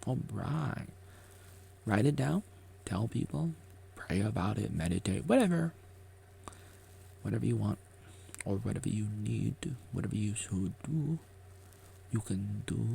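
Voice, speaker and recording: A man with a deep, heavily gravelly voice muses slowly in a motivational vlog. He rambles, circles back and repeats phrases, and breaks off to joke with himself. His pitch swings widely from line to line. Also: mellow, slight background noise. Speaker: vlogger.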